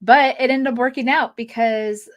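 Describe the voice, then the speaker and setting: A woman hosting a fan podcast, casually reviewing episodes with a chatty, giggly manner and quick quoted asides. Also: a little high, steady tone. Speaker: podcast host.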